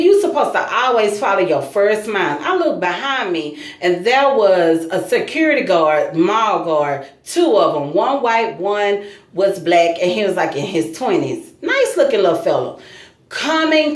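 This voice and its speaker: Animated, lively-voiced woman telling a story. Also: mid-range voice, unhurried, roomy sound. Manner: animated, emphatic storyteller addressing viewers. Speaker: vlogger. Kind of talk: casual storytime.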